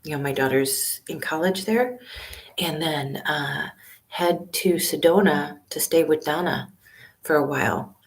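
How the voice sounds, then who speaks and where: Low-voiced woman in her fifties whispering. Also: a little slow. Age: 50s. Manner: hushed, half-whispered talk with many fillers. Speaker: van-life vlogger hosting a live stream. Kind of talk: casual live-stream chat with viewers. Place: small library study room. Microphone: laptop webcam and built-in mic.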